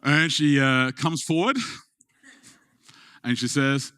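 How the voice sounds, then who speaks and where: Bright-voiced man preaching a personal story. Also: medium pitch, slow, pauses often, no room sound, studio quality. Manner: swings from playful and animated to quiet and hushed. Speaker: pastor. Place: event hall with an audience.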